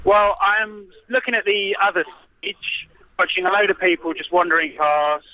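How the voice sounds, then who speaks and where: A bright, high-voiced man calling in over a dull, muffled phone line. He talks in a loose, easygoing way with hesitant pauses. His voice stays casual and unhurried. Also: no echo. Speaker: festival caller. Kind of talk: phone-in chat.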